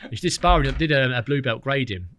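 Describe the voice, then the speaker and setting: A man's voice: medium pitch, expressive, quick pace, very noisy. A man in his thirties, a podcast guest, chatting casually and telling stories full of fillers. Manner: chatty storyteller, lots of fillers. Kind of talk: casual chat.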